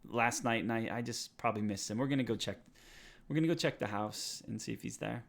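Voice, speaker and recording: A man voicing a flustered townsman who stammers through hurried excuses in a tabletop game. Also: medium pitch, gravelly, natural voice. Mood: nervous.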